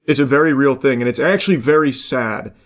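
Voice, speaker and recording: A man's voice: medium pitch, fairly quick. A man hosting a casual reaction commentary, rambling along with jokey asides and casual swearing. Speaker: host.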